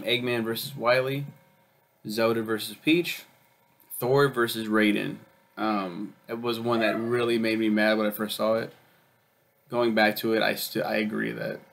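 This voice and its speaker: With a lowish, creaky voice that has a fairly bright tone, this young man reviews a show on video. He chats loosely and rambles, swearing freely and filling gaps with ums and uhs.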